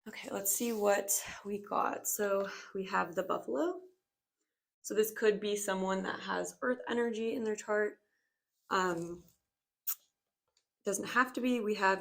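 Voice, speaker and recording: A woman's voice: mid-range voice, fairly even intonation, moderate pace, vocal fry. Rambling young woman giving a tarot reading. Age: 20s. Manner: rambling, reflective, many fillers and hedges. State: slightly out of breath. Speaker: tarot reader. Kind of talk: casual spoken tarot reading.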